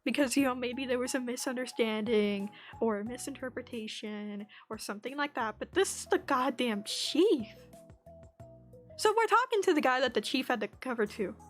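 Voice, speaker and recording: High-pitched woman ranting and swearing. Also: lively intonation, normal speed, faint music behind. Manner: swears a lot, angry ranting storytelling; laughs often between lines. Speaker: streamer. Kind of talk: casual chat stream. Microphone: streaming mic.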